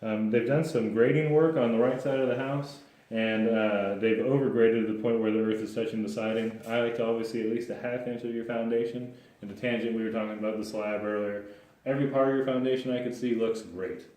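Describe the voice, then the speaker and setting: A man's voice: mid-range voice, fairly even intonation, brisk, dark tone. A man working as a home inspector, explaining his findings to a client in a plain, practical way with frequent restarts. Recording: echoey room.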